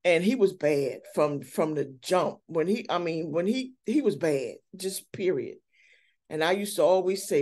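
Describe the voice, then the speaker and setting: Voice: mid-range voice, lively intonation, a little slow, darkish tone. A church elder speaking earnestly and candidly in a casual Bible study, often restarting sentences.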